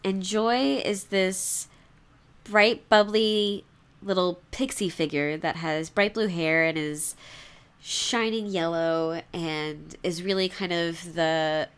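A young adult woman co-hosting a casual chat, talking fast with frequent laughs as she leads the discussion. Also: fairly low pitch, fairly even intonation, smooth. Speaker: podcast co-host.

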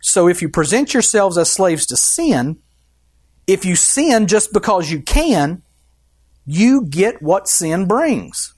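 A man's voice: sits high, sing-song, slow, darkish tone, slightly rough. A man preaching a sermon as pastor, emphatic and putting questions to the congregation.

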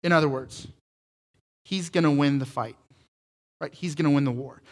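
High-voiced animated male preacher. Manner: animated, rising to near shouts when excited. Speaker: pastor. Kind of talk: sermon.

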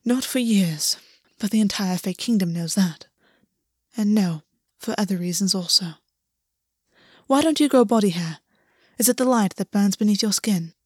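A woman voicing a stern fey man who is a tender but commanding lover, speaking in a measured, quietly intense way. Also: mid-range voice, breathy edge, dry recording, studio quality, close to an everyday voice. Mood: intent. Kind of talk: audiobook reading.

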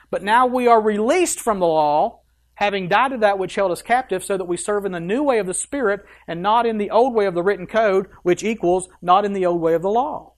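Speaking at a medium pitch, a pastor works through scripture in a sermon, reading verses aloud before hammering the point home. The delivery is emphatic and punchy, with quick asides cutting into the reading.

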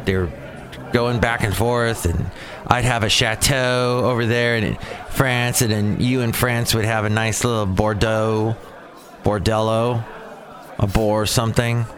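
A man's voice: on the low side, little pitch movement, a little slow, crowd noise. A man hosting his own daily podcast alone, playful and digressive, joking at his own expense. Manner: playful, digressive, self-mocking. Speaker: podcast host. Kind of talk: rambling solo podcast.

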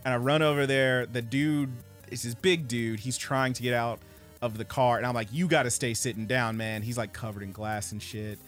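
Profane, animated male podcast storyteller. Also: mid-range voice, normal speed, soft background music. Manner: profane, animated storyteller acting out others' lines. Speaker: podcast co-host.

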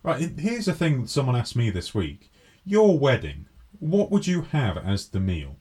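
A man's voice: mid-range voice, huge pitch swings, normal speed, darkish tone, breathy edge. Man, podcast co-host, casual banter, reads news aloud, jokey skits, mid-range voice. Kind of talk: casual chat.

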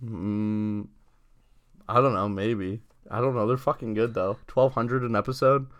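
A man's voice: lowish voice, steady tone, measured pace, a bit bright, muffled recording. A young man co-hosting a podcast in loose, profane, casual banter, laughing often. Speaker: podcast co-host.

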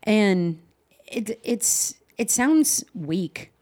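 A woman's voice: medium pitch, animated, extremely slow, darkish tone. A woman co-hosting a casual podcast, talking in an emphatic, encouraging way. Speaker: podcast co-host. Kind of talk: casual chat.

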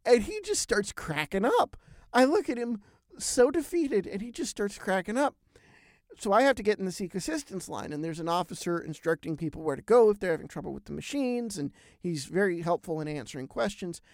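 Animated male podcast storyteller, dry sound. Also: fairly quick, no echo. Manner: animated storyteller with big swings in pitch and loudness. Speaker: podcast host. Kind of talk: casual storytelling chat.

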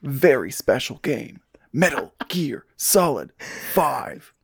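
A man putting on a slow, deliberately dramatic impression of a gruff gravel-voiced soldier, like a movie trailer. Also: medium pitch, big pitch swings, fairly bright tone, no echo, clean studio sound, full character voice. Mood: mock-heroic.

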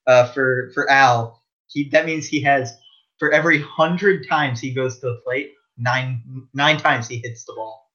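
A young man co-hosting a podcast, talking sports bluntly and pushing back fast. He stammers through restarts, and the audio sounds dull and lo-fi. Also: mid-range voice, fairly even intonation, sharp tone. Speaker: podcast co-host. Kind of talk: casual sports chat.

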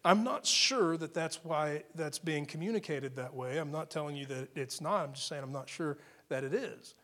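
A man's voice: on the high side, moderate pace, fairly bright tone. A man preaching a sermon in a conversational way, often restarting phrases and asking rhetorical questions. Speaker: pastor.

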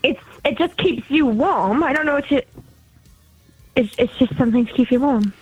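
Giggly high-voiced American woman. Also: normal speed, breathy edge, no echo, phone-quality sound, faint music behind. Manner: playful, giggly, dry jokes. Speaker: podcast co-host. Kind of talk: casual chat.

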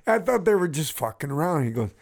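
A man's voice: a little high, creaky. A man hosting a radio show, chatting casually and swearing as he tells stories. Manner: profane, laughing storyteller. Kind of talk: casual chat.

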